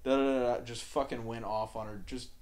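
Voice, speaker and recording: A young man tells a raunchy story in a loose, profane drawl, often letting his voice sink to a low mumble. His pitch sits in an ordinary middle range. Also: steady tone, brisk, darkish tone. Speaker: podcast co-host. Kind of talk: crude casual storytelling.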